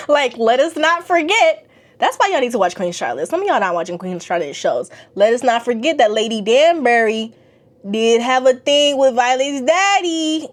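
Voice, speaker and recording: Chatty young woman with a high voice. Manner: animated, slangy, laughs often. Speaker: vlogger reviewing a TV series. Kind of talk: casual chat.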